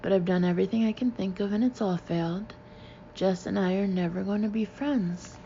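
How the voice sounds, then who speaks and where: A woman's voice: steady tone, fairly quick, dark tone, highs cut off, a little hiss or hum. A woman reading a first-person novel aloud, lifting her voice for the dialogue. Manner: voices dialogue with lifts in pitch and volume. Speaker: audiobook reader.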